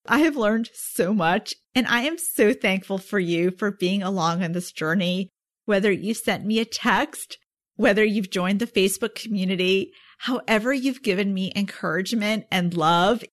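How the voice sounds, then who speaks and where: Upbeat woman hosting a podcast. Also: mid-range voice. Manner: upbeat and effusive, talking straight to the listener. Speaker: podcast host. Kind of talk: solo podcast talk.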